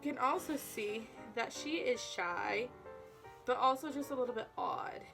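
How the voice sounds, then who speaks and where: A woman's voice: a little high, expressive, a little slow, creaky, distant mic. A young woman chatting casually as a guest, playful and rambling, slipping into silly voices now and then. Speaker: guest guessing characters. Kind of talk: casual chat. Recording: music playing underneath.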